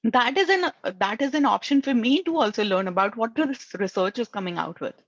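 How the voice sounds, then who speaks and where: Woman speaker, earnest advice tone, slightly high voice, muffled dry video-call audio. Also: expressive, a little fast, no room sound. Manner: earnest, ends points with a questioning "right?". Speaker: career networking speaker. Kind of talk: advice talk to job seekers. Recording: dull lo-fi dry sound.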